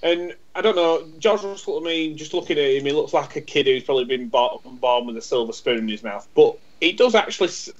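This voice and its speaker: A man's voice: fairly high pitch, a little fast, few pauses. A man, co-hosting a podcast in casual chat, rambling and repeating himself as he tells a story. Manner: rambling, stumbles and repeats words. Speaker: podcast co-host. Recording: dull lo-fi sound.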